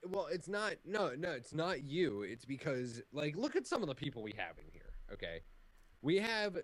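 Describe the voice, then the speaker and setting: A man's voice: fairly high pitch, sing-song, moderate pace, dry recording, low-quality recording. A young man co-hosting a casual podcast, joking around and slipping into silly voices. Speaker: podcast co-host. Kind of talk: casual chat.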